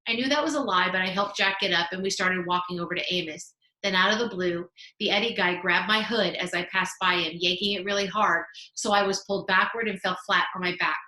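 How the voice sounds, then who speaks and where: A woman teacher reading a children's novel aloud in an expressive storytelling manner. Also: fairly low pitch, a little fast, hardly any pauses. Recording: roomy echo.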